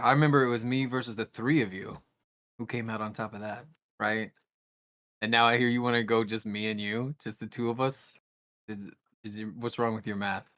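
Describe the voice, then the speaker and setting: A man's voice: lowish voice, fairly bright tone. A man playing a tabletop game, in-character and out, with a teasing, sarcastic manner. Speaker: player. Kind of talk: tabletop role-play with table talk.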